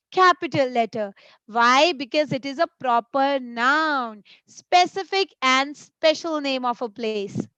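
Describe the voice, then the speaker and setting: A young Indian woman teaching an online English grammar class, speaking slowly and stressing key words with deliberate pauses. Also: high voice, bright, forceful tone, no echo.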